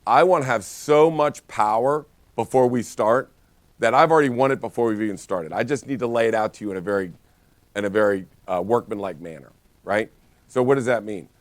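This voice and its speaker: Low-voiced man coaching agents. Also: brisk, no room sound. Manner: energetic storytelling with many restarts. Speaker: real estate brokerage trainer. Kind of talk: live training talk.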